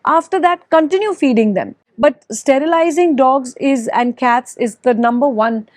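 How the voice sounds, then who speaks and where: A woman's voice: sits high, normal speed, dry recording. A middle-aged woman talking earnestly in a casual interview, with many fillers. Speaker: interviewee, actress and animal lover.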